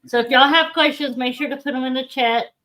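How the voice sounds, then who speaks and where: A woman's voice: high-pitched, fairly even intonation, brisk, pushed and bright. Chatty woman hosting a livestream. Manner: chatty, asks the guest questions. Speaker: host. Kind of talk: casual livestream talk show.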